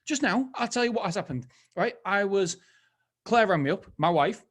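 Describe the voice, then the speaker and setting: Chatty man, fairly high voice. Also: animated, normal speed, a bit bright. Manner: chatty, rambling, self-interrupting storyteller. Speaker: podcast host. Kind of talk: motivational solo podcast talk.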